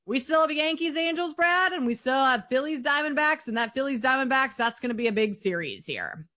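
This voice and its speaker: A woman hosting a sports betting show, running briskly through scores in a chatty studio manner. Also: high-pitched, sing-song, pushed and bright.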